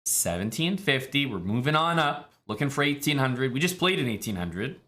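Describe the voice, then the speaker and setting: A man from Canada, streaming chess in a relaxed, chatty way with many fillers. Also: mid-range voice, normal speed. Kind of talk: casual live-stream commentary.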